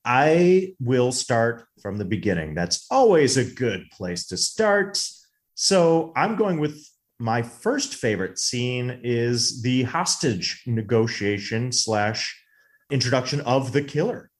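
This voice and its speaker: A man's voice: medium pitch, animated, takes it slowly. A man co-hosting a movie podcast, casually recapping a film's plot at length. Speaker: podcast co-host.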